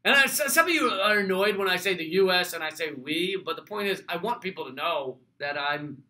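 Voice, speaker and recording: Wry man with a high, sharp voice. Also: expressive. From United States. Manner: wry, sarcastic, quick restarts and asides. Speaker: host. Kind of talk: casual commentary answering viewer questions.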